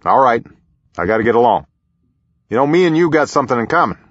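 A man voicing a brisk, friendly older male president with a chummy, folksy manner, in a slightly muffled recording. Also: medium pitch, big pitch swings, slightly rough, no room sound. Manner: chummy, back-slapping, quick asides.

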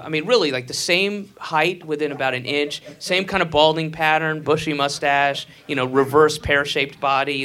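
Male stand-up, slightly high, bouncy delivery; crude rambler who flips into loud acted rants. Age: adult. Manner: rambling with fillers and restarts, crude and profane. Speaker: stand-up comedian. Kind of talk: stand-up routine.

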